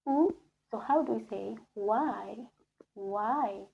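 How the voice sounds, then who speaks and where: A woman teaching French in a classroom, slowly repeating each word again and again and switching between English and French. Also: mid-range voice, narrow, tinny audio, a little hiss or hum. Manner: slow, repeats words many times, mixes English and French. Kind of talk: classroom lesson.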